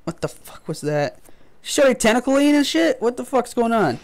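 A man's voice: very high-pitched, very animated, moderate pace. A man giving frustrated, profane trash-talking commentary while playing a game. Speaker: gaming video host. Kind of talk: gameplay commentary.

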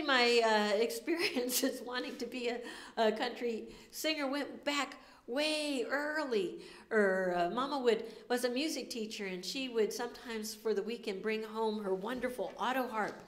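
A woman pastor giving a sermon in a conversational, storytelling way. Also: mid-range voice. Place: church sanctuary. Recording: echoey room.

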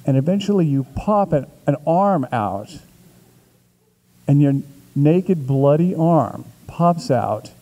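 A man, an author at a Q&A, telling a long, vivid anecdote in a casual way with small restarts, slowing and building as the story grows. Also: on the high side, lively intonation, mellow, rough recording. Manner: vivid, building storyteller who shifts pace for effect. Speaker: author answering a question.

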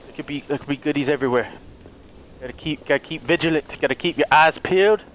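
A man giving let's play commentary on a horror game, excitable, yelping and taunting the enemy. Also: a little high, fast talker. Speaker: gamer playing a horror game.

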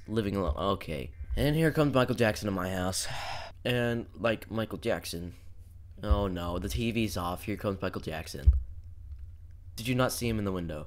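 A young man narrates his let's-play in a loose, joking, profane ramble. His voice sits a little low, and he keeps jumping into sudden startled shouts. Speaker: gaming YouTuber. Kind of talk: casual let's-play commentary.

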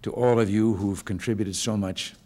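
An older man from the United States giving informal remarks to staff in a hotel function room, with relaxed, folksy storytelling and dry humor. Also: lowish voice, moderate pace. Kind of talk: informal speech with joke stories.

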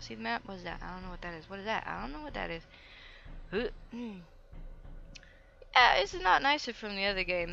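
A woman's voice: medium pitch, vocal fry, sharp tone, highs cut off. A young woman giving goofy, playful commentary while playing a video game, chatting to herself and the game. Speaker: let's play gamer. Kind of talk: casual gameplay commentary.

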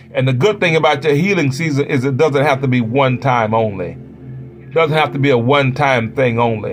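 A man preaching a sermon, chanting repeated phrases that build up into shouted peaks. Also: mid-range voice. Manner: chanting repetition, rising to shouts. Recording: preaching over loud music.

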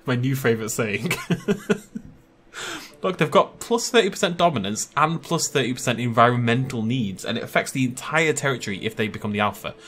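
A man's voice: mid-range voice, expressive, normal speed, a bit bright, a little hiss or hum. A young man giving casual, self-amused gameplay commentary from a desk mic, laughing often. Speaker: gaming YouTuber.

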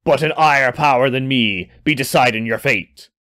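A man putting on a stern male pirate who speaks in an old seafaring dialect, voice pushed lower and a little quieter than a storyteller's own. It belongs to a spoken adventure story. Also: normal speed, no room sound, clean studio sound, natural voice. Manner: archaic pirate speech, stern.

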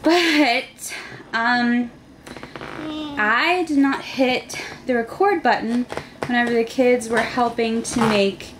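A young American woman with a high, bright voice talks slowly and easily, filming a casual home vlog. She chats to the camera and coos at her toddler in doting baby-talk. A faint hiss of room noise sits under her voice. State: pregnant, near tears. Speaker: family vlogger. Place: home kitchen.

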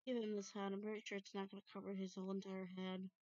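A woman rambling through casual game commentary, excitable and prone to sudden loud outbursts. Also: mid-range voice, fast talker, no echo. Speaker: gameplay commentator. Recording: dull lo-fi dry recording.

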